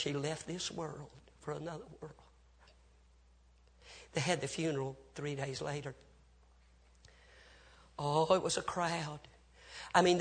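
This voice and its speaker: A man's voice: on the high side, breathy edge. A man preaching a sermon, telling a story with great drama, dropping to whispers and rising to cries as he acts out the people in it. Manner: swings from hushed whispers to loud cries.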